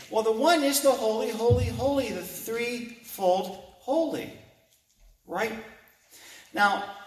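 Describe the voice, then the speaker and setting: A man delivers a sermon in a high voice, taking his time and repeating key phrases. He reads scripture aloud between his own remarks. The sound is roomy and distant, as if the mic sits away from him in a church sanctuary. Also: a bit bright. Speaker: preacher.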